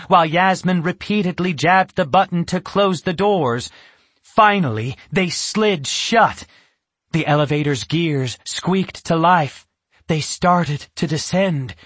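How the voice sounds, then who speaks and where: Slow, measured male narrator, husky, dry sound. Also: on the high side, a bit bright, no echo. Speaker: audiobook narrator. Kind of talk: scripted narration.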